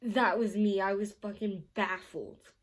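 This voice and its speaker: A woman's voice: mid-range voice, measured pace. A young woman vlogger telling a story in a casual Q&A, rambling and swearing often, with lots of filler words. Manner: animated, laughing while telling the story.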